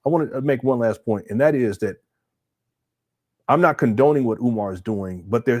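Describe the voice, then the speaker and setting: A man's voice: mid-range voice, a little mellow. Man host, casual live stream commentary, mid-range voice, loose and unscripted, frequent restarts. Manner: talks off the cuff, stammers and repeats words; reads viewer comments aloud and reacts. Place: home setup.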